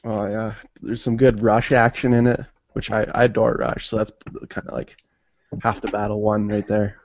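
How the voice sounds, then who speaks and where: A man's voice: fairly low pitch, little pitch movement, moderate pace. A man co-hosting a casual chat about comedy films, easygoing, swearing freely and laughing often. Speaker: podcast co-host. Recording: dry, dull lo-fi audio.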